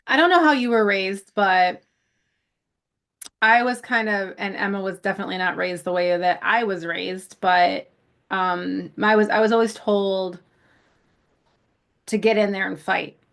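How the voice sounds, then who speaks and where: A woman's voice: medium pitch, fairly even intonation, measured pace, vocal fry, long pauses, a bit bright. Chatty woman telling stories. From South Buffalo, New York. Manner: rambling storyteller, swears casually, laughs often. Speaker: podcast co-host. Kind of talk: casual chat.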